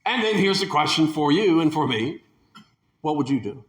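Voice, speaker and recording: A man's voice: on the high side, animated, normal speed, echoey room. A man preaching a sermon in a fervent way, building to emphatic peaks and sometimes restarting his sentences.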